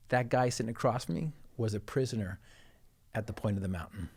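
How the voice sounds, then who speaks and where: A man's voice: a little fast, darkish tone. Earnest man telling a personal story. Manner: earnest, intense, voice dropping low on key moments. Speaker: guest speaker.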